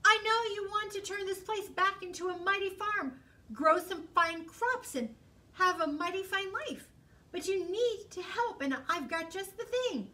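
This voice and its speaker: A woman voicing a sly, fast-talking male fox who sells a swindle with showy salesman patter. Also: very high-pitched, pushed and bright, recorded from a distance, voice pushed up, heavily acted. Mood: coaxing.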